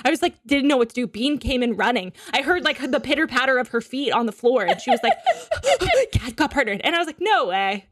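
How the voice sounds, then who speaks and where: Woman guest, higher voice, playful gushing podcast chatter. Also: fairly bright tone. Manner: gushing, playful, quick to tease. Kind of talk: casual podcast chat.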